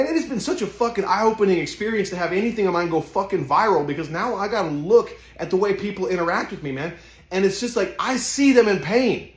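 A man's voice: high-pitched, roomy sound. A man giving an impassioned, profane motivational monologue, speaking intensely and swearing heavily.

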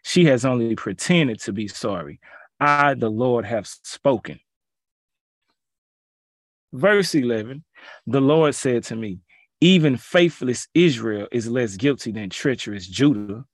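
A man reads scripture and preaches with a pleading, urgent delivery. He slips into casual, colloquial asides between the verses. The sound is dry and close, with mid-range pitch. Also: lively intonation, a little slow, no echo. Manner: pleading, rising to emphatic peaks. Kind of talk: bible reading and preaching.

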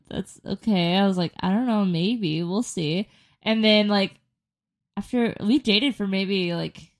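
A woman in her twenties, co-hosting a podcast, telling dating stories in casual chat and acting out the quotes. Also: mid-range voice. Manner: animated storytelling, acting out quotes. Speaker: podcast co-host.

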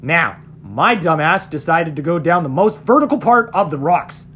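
High-voiced man telling a story. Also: big pitch swings, normal speed, pushed and bright, a little hiss or hum. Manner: profane, laughs often. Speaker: podcast guest. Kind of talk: casual storytelling.

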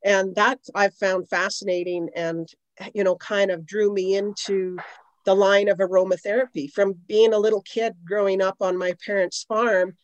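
Woman, middle-aged, podcast guest, rambling storyteller, dry close sound, medium pitch. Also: level tone, moderate pace, no echo, dull audio. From Canada. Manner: rambling, conversational, many "you know" asides. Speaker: guest, aromatherapist.

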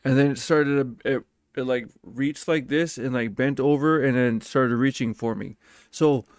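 A man spins a personal story in a loose, casual monologue, cursing freely and leaning hard on his words. His voice sits at an ordinary middle pitch. It is recorded close and dry, with no room sound. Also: no room sound. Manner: profane, emphatic and animated.

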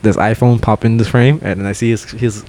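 A man's voice: fairly low pitch, fairly quick. Young man telling a story, swearing. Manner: animated, swears a lot, acts out quotes loudly. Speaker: podcast co-host. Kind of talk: casual storytelling chat.

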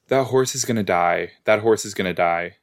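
A man's voice: lowish voice, very animated, measured pace. A man hosting a podcast, chatting casually and reacting aloud to a show as he watches it, with rambling asides. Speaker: podcast host.

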